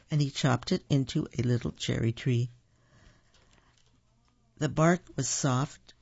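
A man's voice: on the high side, gravelly, husky, no room sound, lo-fi sound. A man reading children's stories and folk tales aloud, in an unpolished way, stopping to correct his own slips. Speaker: storyteller.

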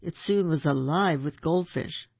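Gravelly children's storyteller. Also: mid-range voice, a little slow, a little mellow, no room sound, lo-fi sound.

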